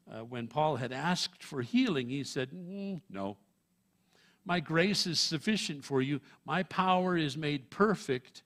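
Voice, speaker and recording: A male pastor preaching a sermon in a church, emphatic and punchy, with wry humor and chuckles. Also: medium pitch. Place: church sanctuary.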